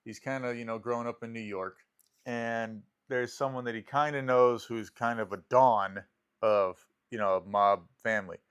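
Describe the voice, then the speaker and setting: A man with an ordinary, middle-pitched voice chats on a podcast. He slips in dry jokes and retells movie scenes, voicing each character as he goes. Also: fairly even intonation, normal speed, a bit bright, clear, resonant tone. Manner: dry joking, storytelling that acts out characters. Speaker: podcast co-host. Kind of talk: casual chat.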